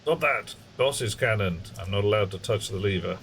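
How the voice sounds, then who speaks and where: Wry low-voiced man streaming a game. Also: normal speed, a bit bright, a little hiss or hum. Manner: wry, rambling, chatty asides to chat. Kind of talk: live gameplay commentary, chatting with viewers. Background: game music.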